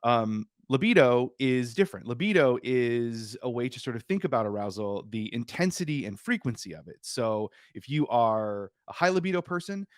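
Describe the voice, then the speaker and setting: A man's voice: mid-range voice, animated, normal speed, hardly any pauses, no room sound, clean studio sound. A man, an author who is a guest on a podcast, explaining ideas patiently with frequent fillers. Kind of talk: casual interview chat.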